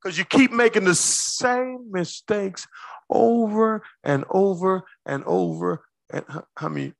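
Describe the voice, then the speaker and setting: A man preaching a sermon as pastor, quizzing his congregation with quick questions and slowing down hard to stress key words. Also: high voice, creaky, no echo. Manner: call-and-response questions to the congregation.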